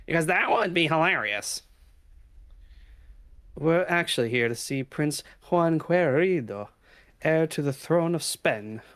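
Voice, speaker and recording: A man's voice: fairly high pitch, lively intonation, measured pace, pauses often, fairly bright tone. A man voicing a chatty, snide male guard character in a game.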